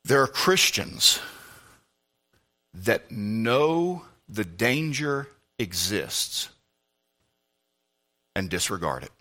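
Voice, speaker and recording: A man pastor preaching in church with a very bright, cutting tone. His pitch ranges widely, and he moves from low, measured talk to shouted preaching. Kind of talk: sermon.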